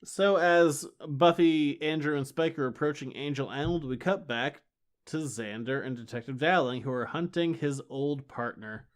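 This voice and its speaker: A man co-hosting a podcast, recapping a comic in casual, sarcastic, exasperated chat. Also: on the high side. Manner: sarcastic, exasperated, does quick character voices. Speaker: podcast co-host.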